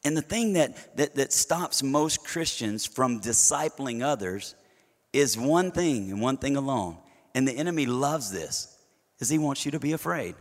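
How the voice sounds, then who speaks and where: A middle-aged man preaching a sermon at a mid pitch, his voice carrying a long hall reverb through the church sanctuary. He speaks conversationally, peppering the congregation with rhetorical questions and stumbling into repeated words as he restarts his thoughts. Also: expressive, unhurried.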